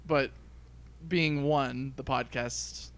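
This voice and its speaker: A man's voice: mid-range voice, steady tone, drawn-out words, fairly bright tone, clear, resonant tone. A man co-hosting a podcast, chatting casually about a movie and laughing easily. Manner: chatty, corrects his co-host, laughs easily. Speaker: podcast co-host. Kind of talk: casual movie review chat.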